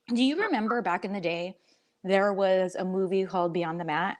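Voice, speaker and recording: A woman's voice: mid-range voice, moderate pace. A middle-aged woman co-hosting a casual chat show, talking in a rambling way and laughing often. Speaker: co-host.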